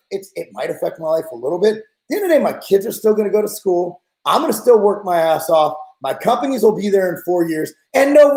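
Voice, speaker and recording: A man's voice: sits high, a little mellow, echoey room, low-quality recording. A man in his forties hosting a podcast, ranting bluntly and with exasperation in casual talk. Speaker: podcast host.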